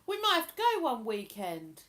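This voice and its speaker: A woman's voice: a little high, huge pitch swings, moderate pace, a bit bright. A woman chatting casually on a live stream, rambling and laughing as she reads out messages from her viewers. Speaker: live streamer reading chat.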